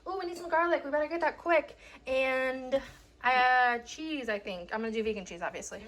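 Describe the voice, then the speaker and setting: A woman's voice: sits high, normal speed, a bit bright, poor audio. A young woman chatting casually to camera in a home vlog, giggly and self-mocking as she cooks and gardens. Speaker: vlogger.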